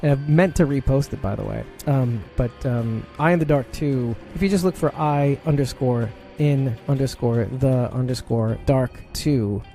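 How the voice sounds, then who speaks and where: A rambling podcast host chats casually into a desk mic at home, his voice mellow and gravelly. Soft music plays faintly underneath. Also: medium pitch, moderate pace, few pauses. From Brooklyn, New York. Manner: rambling, chatty, frequent laughs and fillers. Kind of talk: casual live-stream chat.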